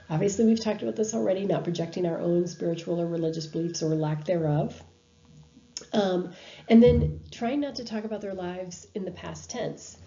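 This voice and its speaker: A woman's voice: lowish voice, dark tone, dull audio, a little hiss or hum. A woman giving a recorded university lecture over slides, talking in a conversational way with frequent ums and restarts. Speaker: university instructor.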